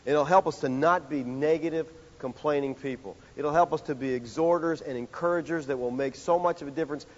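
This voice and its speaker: A male pastor preaching a sermon in a conversational, animated way, full of rhetorical questions. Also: mid-range voice. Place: church sanctuary. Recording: dull sound with long hall reverb.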